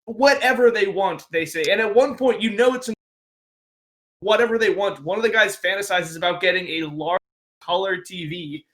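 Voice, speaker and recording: High-voiced man recounting a story. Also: moderate pace, fairly bright tone. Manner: rambling, summarizing a book. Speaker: podcast co-host. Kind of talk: casual chat.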